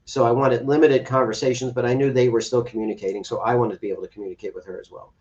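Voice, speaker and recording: The audio here is distant and a bit dull. A podcast guest who is an adoptive father talks very fast in a medium-pitched, steady, slightly mellow voice, earnestly relating a personal story and acting out what people said.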